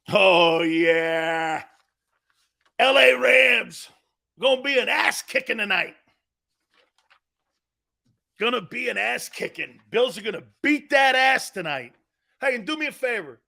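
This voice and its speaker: A man hosts a live sports talk show in a brash, trash-talking way, often breaking into laughter. His voice sits high for a man and has a bright, forceful edge. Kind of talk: live sports radio show reading listener chat.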